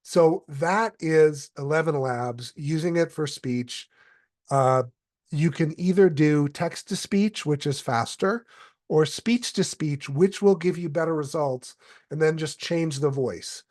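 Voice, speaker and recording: A man presenting a step-by-step software tutorial, explaining calmly with occasional fillers. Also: on the high side, takes it slowly, no room sound, clean studio sound.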